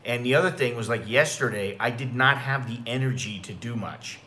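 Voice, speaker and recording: A man's voice: mid-range voice, fairly quick, sharp tone, a little hiss or hum. An American man telling rambling, profane stories in a casual livestream chat. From United States. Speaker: expat vlogger.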